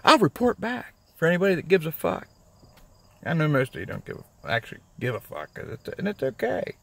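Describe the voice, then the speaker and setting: Gravelly, cursing man vlogging from his car. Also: fairly high pitch, wildly swooping pitch, brisk. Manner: rambling, profane, self-mocking. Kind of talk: casual vlog talk. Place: outdoors, in a parked car.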